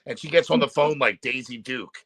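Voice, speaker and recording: A man's voice: mid-range voice, fairly quick, fairly bright tone. A middle-aged man hosting a casual chat show, rambling through stories and dropping "man" and "dude" as he talks. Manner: laid-back, rambling, says "man" and "dude" a lot. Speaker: show host.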